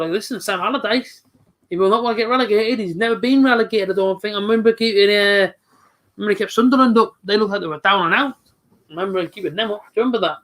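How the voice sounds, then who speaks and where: A young football fan streamer with a high, slightly bright voice gives live reaction commentary on a match. He's chatty and openly frustrated, talking back to a friend who's off-mic.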